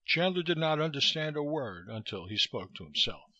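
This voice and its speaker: A man narrating a novel in steady, scripted storytelling. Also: a little high, normal speed, no room sound, dull audio. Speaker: audiobook narrator.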